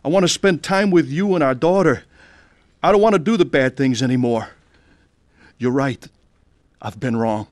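A man's voice: medium pitch, normal speed, pauses often, a little mellow, no echo, clean studio sound. A man earnestly narrating and acting out his own conversion story, pleading with his family. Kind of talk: dramatized testimony narration.

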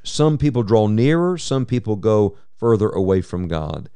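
A man's voice: on the low side, sing-song, moderate pace, hardly any pauses, dark tone, clear, resonant tone, dry recording. A man delivering an urgent, exhorting sermon. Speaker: Bible teacher.

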